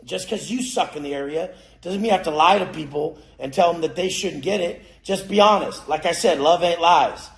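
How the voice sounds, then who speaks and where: A man giving a profane, aggressive motivational rant, cursing and yelling at his listeners. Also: fairly high pitch, moderate pace, gravelly. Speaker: motivational speaker. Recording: roomy echo.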